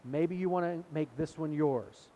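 A man's voice: a little high, unhurried, warm tone. A middle-aged man preaching a sermon in a conversational way, retelling scripture and acting out the quotes. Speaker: pastor.

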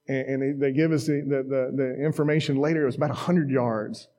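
Laid-back pastor guy preaching in church, mellow warm tone, pokes fun at himself. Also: medium pitch, fairly even intonation, fairly quick, hardly any pauses. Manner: chatty, self-deprecating, acts out quotes. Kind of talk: conversational sermon.

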